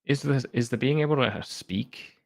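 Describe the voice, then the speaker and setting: A man's voice: medium pitch, moderate pace, creaky, no room sound. A man co-hosting a podcast, chatting easily and reading game rules aloud. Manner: easygoing, reads rules aloud plainly. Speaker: podcast co-host. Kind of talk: casual chat about tabletop game rules.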